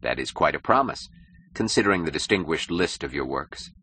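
A man voicing a cynical, powerful male publisher who speaks gravely and with smooth mockery in an audiobook. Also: a bass voice, lively intonation, a little fast, pushed and bright, a little hiss or hum, full character voice. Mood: mocking.

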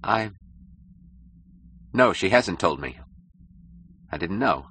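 A man's voice: deep voice, lively intonation, takes it slowly, fairly bright tone, slight background noise, exaggerated voice. A man voicing an ambitious young male architect who talks eagerly and stammers when flustered in an audiobook.

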